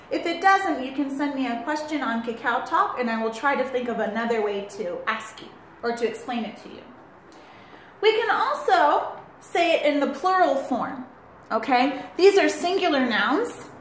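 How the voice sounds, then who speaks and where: A woman teaching an English grammar lesson, explaining slowly and patiently and checking that the students follow. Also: high voice, reverberant, a little hiss or hum.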